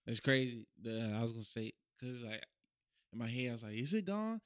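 A man's voice: medium pitch, flat delivery, brisk, a bit bright, clean tone, no room sound, studio quality. A young man hosting a casual podcast chat in loose slang, often trailing off and restarting. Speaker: podcast host.

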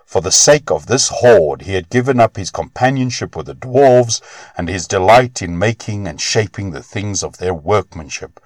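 A man reading old Norse myths aloud as a storybook narrator in a measured, expressive way. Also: lowish voice, no room sound.

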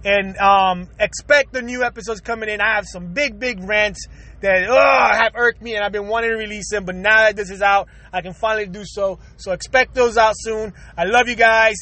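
A man's voice: high voice, fairly even intonation, moderate pace, pushed and bright, dry recording. A man hosting his own podcast, ranting in a profane, rambling way and laughing often. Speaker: podcast host. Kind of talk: casual podcast rant.

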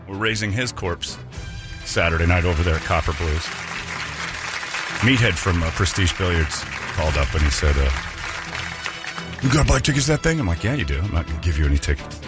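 A man's voice: low-pitched, fairly quick, over loud music, a loud crowd. A man hosting a radio morning show, joking with his co-hosts, laughing often and slipping into impressions. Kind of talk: casual radio banter. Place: radio studio. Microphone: studio microphone.

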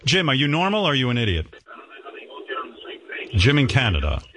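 A man's voice: medium pitch, huge pitch swings, normal speed, background noise. A middle-aged man hosting a radio talk show, ranting with profanity and indignation.

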